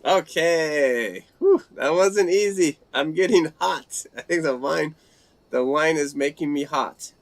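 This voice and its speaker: A man hosting a casual live language-learning chat, reading out viewer comments and trying out phrases haltingly in several languages. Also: fairly high pitch.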